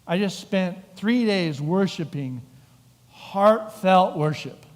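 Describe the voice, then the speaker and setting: Animated pastor preaching in a reverberant church. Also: male voice, high voice, slow pace. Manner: animated storytelling with acted-out voices. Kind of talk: sermon. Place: church sanctuary. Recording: long hall reverb.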